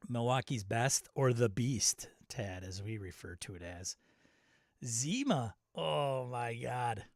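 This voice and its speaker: A middle-aged male host chatting casually on a live stream, drifting between memories and laughing at his own tangents. His voice sits at an ordinary middle pitch. The sound is dry and close, with no room echo. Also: lively intonation, slow, vocal fry. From Wisconsin. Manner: rambling and nostalgic, laughing at himself. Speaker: channel host.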